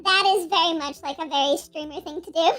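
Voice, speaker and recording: Squeaky minion. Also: female voice, brisk, sharp tone, soft background music. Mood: giggly. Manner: giggly, rambling chatter. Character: squeaky little minion creature. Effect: pitch-raising voice changer. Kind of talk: live stream chat.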